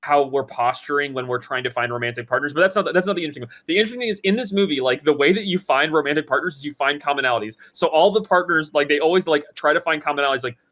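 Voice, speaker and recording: A man co-hosting a casual gaming podcast, telling a story in an animated way with many fillers and restarts. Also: fairly high pitch, rapid-fire, hardly any pauses. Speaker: podcast co-host. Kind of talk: casual chat.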